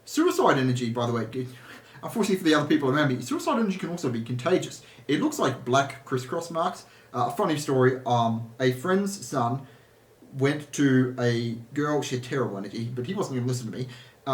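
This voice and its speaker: A man's voice: mid-range voice, echoey room. A man talking casually as an energy healer, rambling with restarts and asides. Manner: rambling, with many restarts and laughs. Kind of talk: casual spoken monologue.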